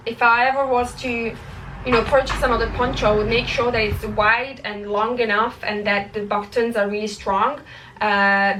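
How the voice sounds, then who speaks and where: Young woman hiking vlogger, chatty and loose with fillers, slightly high voice, recorded from a few feet away outdoors. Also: pushed and bright. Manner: chatty, many fillers and restarts. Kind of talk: casual gear walkthrough. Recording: voice a little far from the mic.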